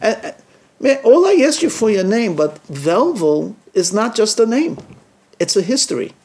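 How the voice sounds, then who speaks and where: A rabbi telling a story in a sermon, lively and acting out the people he quotes. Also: sits high, moderate pace, slightly rough. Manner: lively teller who acts out quoted speech.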